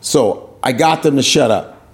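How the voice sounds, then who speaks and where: A man's voice: medium pitch, animated, a little slow. A man, a stand-up comedian, telling a story as an interview guest with lots of swearing, acting out the other people's voices. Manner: profane, acts out voices in his anecdotes.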